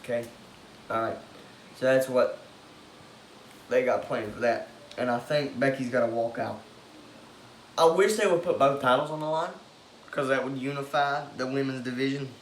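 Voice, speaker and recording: A man giving an excitable, opinionated monologue, swearing and breaking into loud outbursts. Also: medium pitch, moderate pace, long pauses, a little hiss or hum. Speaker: wrestling commentator giving predictions. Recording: echoey room with faint ambience.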